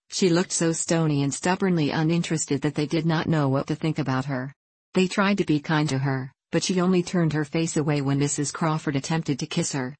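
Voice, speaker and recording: An audiobook narrator reading a classic children's novel in a measured, even way. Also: mid-range voice, no echo. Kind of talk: scripted narration.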